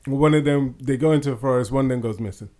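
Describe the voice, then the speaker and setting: A man's voice: medium pitch, quick pace, warm tone. A man co-hosting a podcast in casual chat, laid-back and slangy. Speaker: podcast co-host.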